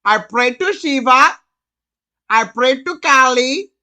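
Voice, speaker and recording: A man's voice: extremely high pitch, animated, slow pace, sharp tone, exaggerated voice. A man putting on a stubborn devout refuser. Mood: defiant. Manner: insistent, repeating himself.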